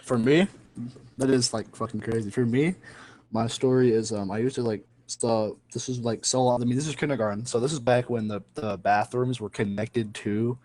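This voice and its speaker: A man's voice: medium pitch, fairly even intonation, moderate pace, darkish tone. A young man co-hosting a podcast in casual chat, laughing easily and swearing loosely as he tells stories. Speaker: podcast co-host.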